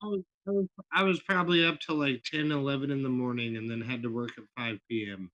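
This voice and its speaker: A man's voice: medium pitch, steady tone, fast talker, pushed and bright, lo-fi sound. A man chatting casually with a friend on a call, blunt and full of slang. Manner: laid-back, blunt slang. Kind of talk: casual chat.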